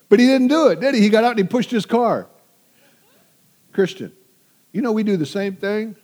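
A man's voice: high-pitched, darkish tone. A man in his sixties preaching a sermon, telling stories energetically and engaging his audience. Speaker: pastor.

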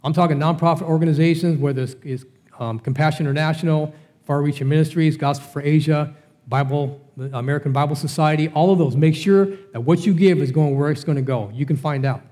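A man's voice: a little high, fairly even intonation, fast, mellow. A middle-aged man preaching a Bible study sermon in a conversational way, asking rhetorical questions. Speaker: pastor.

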